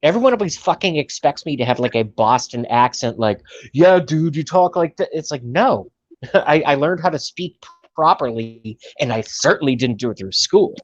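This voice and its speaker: A man in his late thirties from the United States, rambling through long explanations peppered with "uh" in an easygoing chat. His voice sits at an ordinary middle pitch. The sound is dull and lo-fi, dry and close, with no room behind it. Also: lively intonation, moderate pace, no echo. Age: 30s. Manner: rambling, explains at length with fillers. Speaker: chat guest. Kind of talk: casual chat.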